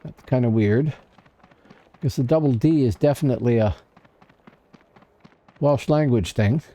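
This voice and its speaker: Chatting with his viewers and with himself as he plays, this livestream gamer gives casual commentary in a mellow, mid-range voice at a measured pace.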